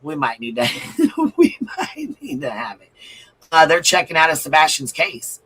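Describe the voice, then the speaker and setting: On a rough recording, a man with a bright, forceful, somewhat high voice runs a commentary livestream at normal speed. His pitch swoops wildly and has a breathy edge. He's blunt and profane, reading viewer comments aloud and repeating his points for emphasis.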